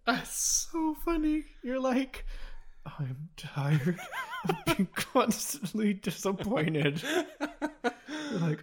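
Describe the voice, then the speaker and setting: A woman co-hosting a casual podcast, teasing her co-host in a playful way. Her pitch moves in a lively way, and she talks slowly and easily. She often acts out exaggerated mock quotes.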